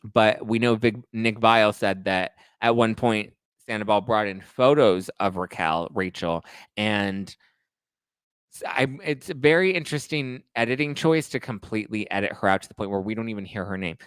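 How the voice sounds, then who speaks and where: A man's voice: lowish voice, moderate pace, fairly bright tone, clean tone, no echo. A male host recapping reality TV gossip in a casual, crude, playful way. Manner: gossipy, crude, playful, breaks into song snippets.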